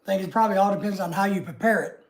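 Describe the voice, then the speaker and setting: A woman's voice: medium pitch, very fast. Chatty woman with a Southern US drawl. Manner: rambling and homey, chatting easily with frequent asides. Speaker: livestream host. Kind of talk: casual livestream chat with viewers.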